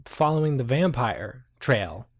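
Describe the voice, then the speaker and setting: A man narrating a tabletop game as game master, hesitant and full of pauses but animated. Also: mid-range voice.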